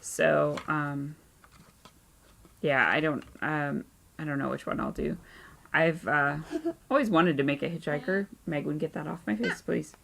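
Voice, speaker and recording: A woman in her thirties hosting a knitting podcast at home, chatting casually with lots of ums, tired and low-key. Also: measured pace, creaky, fairly bright tone, slight background noise. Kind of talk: casual chat. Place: home craft room and playroom.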